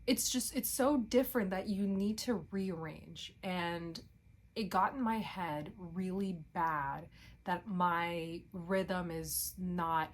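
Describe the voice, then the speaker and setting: A young woman vlogging in casual chat, rambling and interrupting herself, with casual swearing. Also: on the low side.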